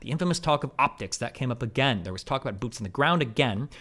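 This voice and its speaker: Fast-reading male streamer. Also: medium pitch, lively intonation, fairly bright tone. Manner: brisk reading with skeptical asides. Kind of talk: reading a report aloud on a live stream.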